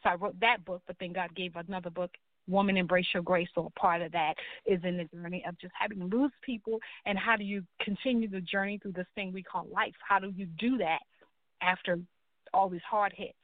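A woman's voice: on the low side, steady tone, a little fast, no room sound. Woman guest, earnest storyteller voicing her quoted dialogue, thin phone-like sound, dry. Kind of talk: personal testimony in a talk show. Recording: tinny phone-like line, dry.

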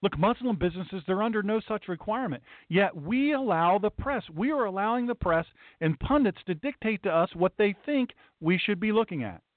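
A man's voice: high voice, expressive, a little fast, hardly any pauses, no echo. A middle-aged man, a pastor hosting a talk show, gives an opinionated monologue. He talks emphatically and repeats lines for punch. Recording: tinny, dry phone-like sound.

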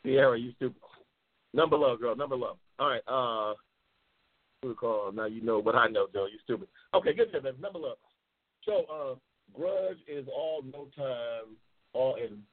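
Fired-up, foul-mouthed male show host from New York City, husky voice, heard through a thin phone-quality line. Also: mid-range voice, expressive, moderate pace. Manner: loud, emphatic, heavily profane, passionate. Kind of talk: profane live show talk, reading viewer comments. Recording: tinny phone-like audio.

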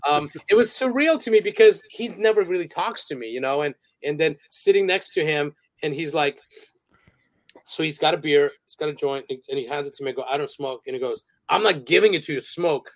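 A man's voice: fairly high pitch, fairly quick, dry recording. A man who is a podcast guest telling stories in a casual interview, rambling with fillers and restarts and laughing often.

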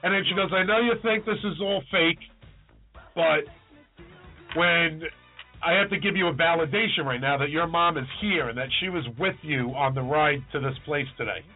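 A man's voice: a little high, normal speed. A man co-hosting a casual podcast, telling a long story and acting out the voices he quotes. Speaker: podcast co-host. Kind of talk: casual chat. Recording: tinny phone-like audio with faint music.

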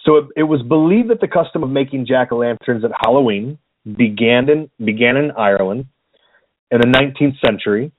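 Relaxed guy co-host, lots of ums, mid voice, dry thin phone sound. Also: medium pitch, a little fast, narrow, tinny audio, a little hiss or hum. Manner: hesitant, lots of ums, easygoing. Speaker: podcast co-host. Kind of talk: casual chat.

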